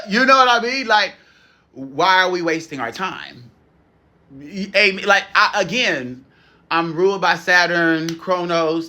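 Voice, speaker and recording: A man giving a casual monologue as a spiritual coach, animated and sassy, swearing freely and laughing often. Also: on the high side.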